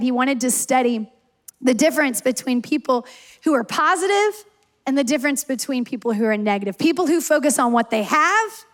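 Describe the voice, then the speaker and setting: A woman pastor preaching a sermon, telling personal stories and repeating key lines for emphasis. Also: sits high. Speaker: campus pastor.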